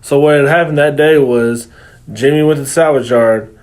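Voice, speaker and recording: A man's voice: fairly high pitch, moderate pace, darkish tone. A man co-hosting a movie review, chatting casually and swearing a lot, with many "like" fillers as he retells the plot. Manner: rambling, profane, lots of filler "like". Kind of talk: casual chat.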